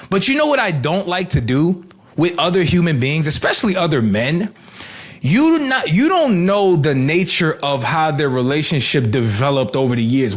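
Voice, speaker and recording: A man co-hosting a podcast, blunt and teasing in a slangy, casual way. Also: high voice. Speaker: podcast co-host. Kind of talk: casual chat.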